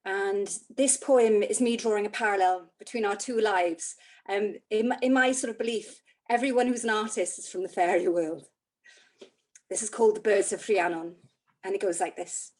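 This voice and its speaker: A woman, a poet introducing her poems with hesitant fillers, then reciting them in a measured way over a video call. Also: mid-range voice. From Wales. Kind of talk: poetry reading.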